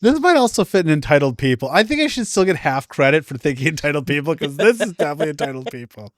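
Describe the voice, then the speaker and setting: A man's voice: fairly high pitch, sing-song, fast talker, dry recording, clean studio sound. A man co-hosting a podcast, chatting casually with rambling, jokey asides. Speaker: podcast co-host. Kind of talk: casual chat.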